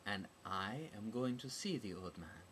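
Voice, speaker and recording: A man voicing a cold, menacing foreign warrior woman who speaks slowly and formally with odd pronunciation. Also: fairly low pitch, expressive, a bit bright, a little hiss or hum. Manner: slow, formal, oddly pronounced.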